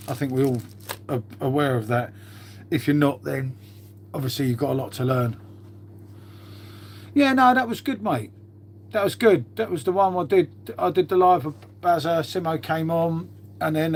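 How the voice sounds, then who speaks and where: There's a little hiss or hum as a middle-aged man with a slightly high voice casually rambles to people watching his live stream. He keeps it laid-back, says mate to everyone, and muses aloud while tidying.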